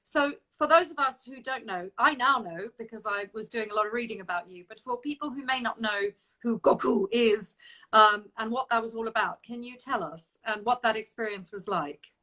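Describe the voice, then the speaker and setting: Woman host chatting, high bright voice, laughs a lot. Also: moderate pace, rough recording. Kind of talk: casual interview chat.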